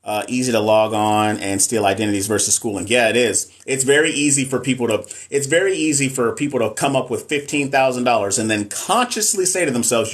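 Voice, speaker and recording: A man's voice: medium pitch, brisk, hardly any pauses. A middle-aged man, a nurse and NCLEX coach, chatting casually on a live stream and answering viewer comments in a frank, emphatic way.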